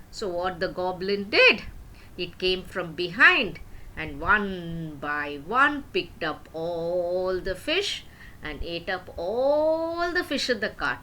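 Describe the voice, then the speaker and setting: An older woman telling a tale to children in a slow, unhurried way, her pitch rising and falling with lively swings. Her voice is bright and clear, and she keeps turning to her listeners with questions. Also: a little hiss or hum, poor audio. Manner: asks the young listeners questions. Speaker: storyteller. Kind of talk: storytelling for children.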